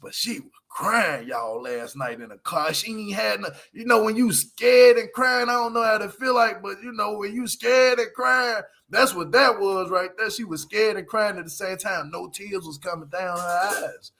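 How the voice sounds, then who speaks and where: A man hosting a casual reality TV recap vlog, talking in slang with animated energy and frequent laughter. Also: sits high, normal speed, hardly any pauses.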